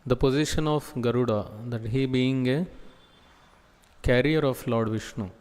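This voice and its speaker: A man delivers a sermon-style scripture class in a slow, measured way. He halts often, pausing to search for words. His mid-pitched voice carries a long echo from a temple hall. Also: darkish tone, smooth. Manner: slow, halting delivery with many pauses and fillers. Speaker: preacher giving scripture class.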